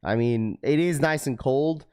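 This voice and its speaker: Brief: male livestream host, easygoing and chatty, mid pitch. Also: measured pace, a little mellow, clean tone. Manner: laid-back, many fillers, greets viewers by name. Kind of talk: casual livestream chat.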